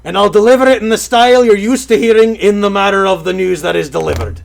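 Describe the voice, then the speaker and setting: A man co-hosting a casual gaming news show, bantering in an animated, joking way. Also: high voice, fast talker, creaky, hardly any pauses. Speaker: podcast co-host.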